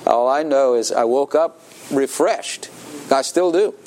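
A man's voice: medium pitch, a little slow, a little hiss or hum. A man preaching a sermon as pastor, laughing often and calling out to his congregation for answers. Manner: animated, laughing, calls for congregation responses. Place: church.

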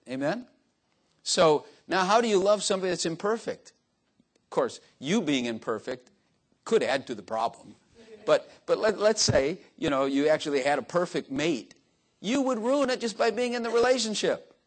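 An older man preaching an informal sermon, folksy and joking, often turning to the congregation with "Amen?". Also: on the high side. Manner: folksy, joking asides, frequent "Amen?" to the crowd.

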